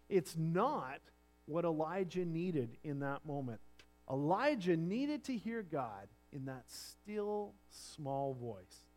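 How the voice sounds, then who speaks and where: Higher-voiced man preaching a sermon. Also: sing-song, slow pace. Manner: earnest preaching, drops to near-whispers and swells louder for emphasis. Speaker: pastor.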